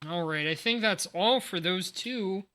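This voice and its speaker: A man in his forties chats casually on a livestream with a sleepy morning voice, thinking aloud and poking fun at himself. He talks slowly, drawing out his words in an easy, unhurried way. His tone is bright and sharp. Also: high-pitched. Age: 40s. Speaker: streamer. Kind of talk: casual livestream chat while unboxing cards.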